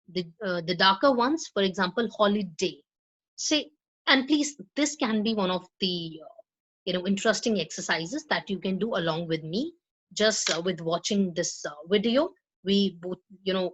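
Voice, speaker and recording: A woman with an Indian English accent giving a recorded lecture on spoken English. She explains slowly, with frequent fillers and repeated words, and stresses syllables on purpose when she models pronunciation. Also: mid-range voice, expressive, a bit bright, low-quality recording. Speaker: law college English teacher.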